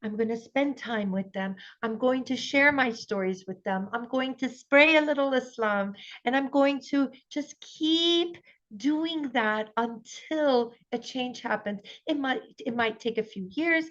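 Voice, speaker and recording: A woman's voice: sits high, a little slow, a bit bright, highs cut off. A woman giving an earnest, encouraging parenting talk at a conference, often acting out the voices of the people she quotes. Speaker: parenting speaker.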